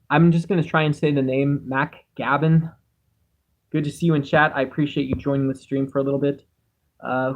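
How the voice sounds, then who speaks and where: Through a cheap home mic that leaves the recording muffled, a man with a fairly high voice hosts a casual livestream, reading out chat and meandering through musings while poking fun at himself.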